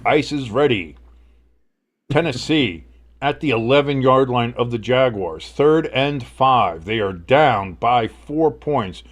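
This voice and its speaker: Male host calling football play-by-play, casual, excitable, rambling. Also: medium pitch, slow pace. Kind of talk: live play-by-play commentary.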